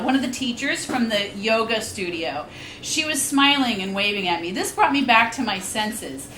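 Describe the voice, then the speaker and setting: A woman's voice: fairly high pitch, pushed and bright, a little hiss or hum. A woman in her fifties giving a live reading of her memoir, wry and candid, with frank asides, at a reading venue. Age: 50s. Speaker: reading series host and author. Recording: echoey room.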